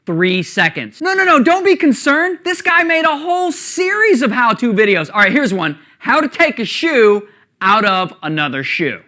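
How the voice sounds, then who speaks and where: A man hosting a comedy video review show, joking in an energetic, animated way. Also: very high-pitched, moderate pace. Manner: animated, jokey, shifts voices.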